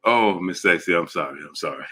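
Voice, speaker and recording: A man's voice: low-pitched, lively intonation, fairly quick, bright, forceful tone. A man hosting a live stream, laughing a lot and greeting viewers by name in casual talk. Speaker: livestream host reading chat.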